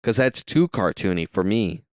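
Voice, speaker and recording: A man's voice: on the low side, expressive, normal speed, a little mellow, dry recording, studio quality. Rambling, profane young Southern man. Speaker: podcast co-host. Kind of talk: casual movie-watching chat.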